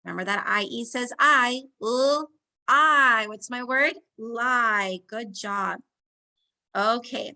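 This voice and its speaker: Her voice sits a little high as this teacher walks small children through phonics at a slow pace. She sounds out each word and encourages them warmly.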